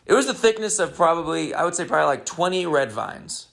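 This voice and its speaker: A man hosting a comedy podcast, telling a rambling, deadpan story with crude jokes in a casual monologue. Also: a little high, a little fast, vocal fry.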